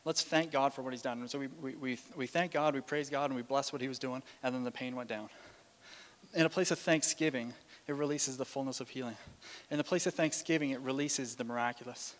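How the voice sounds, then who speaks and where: A preacher tells stories casually during a sermon, full of fillers and restarts. His medium-pitched voice has fairly even intonation and a slightly fast pace, and a long hall reverb colors the recording.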